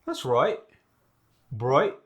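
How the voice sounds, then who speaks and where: A man's voice: medium pitch, very animated. A Scottish man demonstrating the pronunciation of single words one at a time for an accent lesson. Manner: slow, drawn-out single-word examples.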